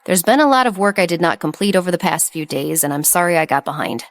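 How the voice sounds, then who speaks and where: Woman reading as a quiet, wounded young man. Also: on the low side, animated, fast talker, no echo, clean studio sound. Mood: subdued. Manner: quiet, subdued.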